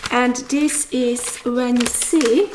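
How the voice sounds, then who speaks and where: A woman with a Croatian accent, a native Croatian speaker, teaching pronunciation slowly, with many pauses and fillers as she demonstrates sounds. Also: fairly high pitch, steady tone, noisy background. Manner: slow, hesitant, many fillers, careful demonstrations. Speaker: language teacher. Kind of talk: pronunciation lesson.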